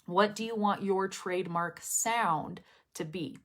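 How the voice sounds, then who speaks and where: A young woman teaching English pronunciation, talking to her students in a live stream. She speaks very clearly and expressively and laughs often. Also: mid-range voice, slow pace.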